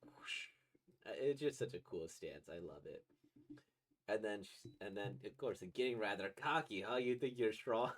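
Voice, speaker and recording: A young man casually reacting to a manga, rambling with many restarts and short laughs. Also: lowish voice.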